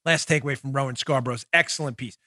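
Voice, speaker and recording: A man hosting a political podcast, delivering sarcastic, mocking commentary in an animated way. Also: medium pitch, fast, dry recording, studio quality. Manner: mocking, animated, laughs at own jokes. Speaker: podcast host.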